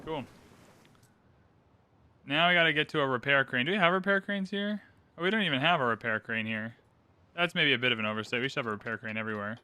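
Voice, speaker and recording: Upbeat gaming guy talking through his match, clear smooth voice, chatty. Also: mid-range voice, fast talker, pauses often, sharp tone, dry recording. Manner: upbeat, chatty, explains as he plays. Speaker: gaming channel host. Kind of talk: casual gameplay commentary.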